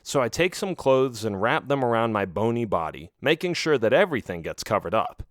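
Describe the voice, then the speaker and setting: A man's voice: medium pitch, sing-song, brisk, dry recording. A man narrating a children's audiobook in the first person, reading expressively into a close mic.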